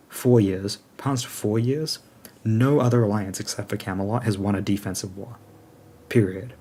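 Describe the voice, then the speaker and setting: A man's voice: lowish voice, darkish tone. A man leading a game alliance, chatting casually and thinking aloud with lots of fillers as he answers questions.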